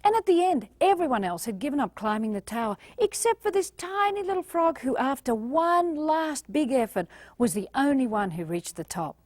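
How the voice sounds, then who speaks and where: A woman's voice: sits high, very animated, moderate pace, few pauses, a little mellow, no room sound. A woman from Australia, giving a motivational talk and acting out the voices she quotes. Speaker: motivational speaker.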